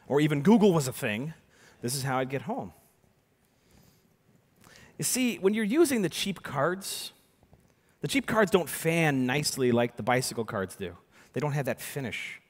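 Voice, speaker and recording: A man, an animated storyteller giving a keynote talk, swinging from hushed to loud as he acts out the voices. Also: a little high. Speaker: keynote speaker and magician. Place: large conference hall. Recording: reverberant conference hall.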